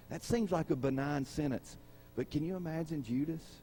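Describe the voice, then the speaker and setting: A man's voice: a little high, normal speed, dark tone, slightly rough. A man preaching a sermon. He talks in a conversational way, asks the congregation questions and acts out the people in his stories. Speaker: pastor.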